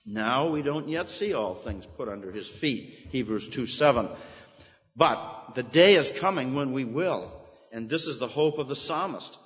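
A man's voice: mid-range voice, lively intonation, a little slow, a bit bright. A man preaching an expository sermon, emphatic, repeating key phrases and lifting his voice on quoted scripture. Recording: dull sound with long hall reverb.

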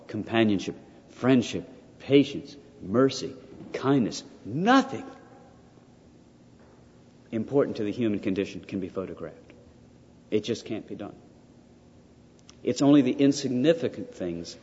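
A man's voice: lowish voice, darkish tone. An older man giving a theology lecture, emphatic, repeating key points and asking rhetorical questions. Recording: lo-fi lecture recording with long reverb.

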